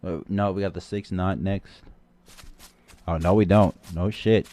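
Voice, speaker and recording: A man's voice: deep voice, fairly even intonation, measured pace, dark tone. A man giving laid-back, offhand comments while he reads a game story on a livestream. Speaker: streamer reading a game story.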